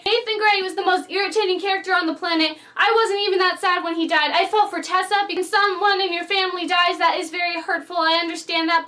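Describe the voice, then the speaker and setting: A woman with a very high, bright voice reviews a novel in casual vlog chatter. She gushes with animated, fangirl enthusiasm. Her voice sounds a little distant from the microphone. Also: quick pace, hardly any pauses. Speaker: book reviewer.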